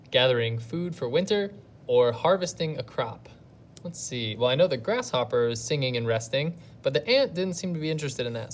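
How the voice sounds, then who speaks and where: A woman's voice: extremely low pitch, a little hiss or hum. Patient woman teaching an online lesson. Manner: patient, thinks aloud step by step. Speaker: elementary school teacher. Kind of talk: recorded video lesson for pupils at home.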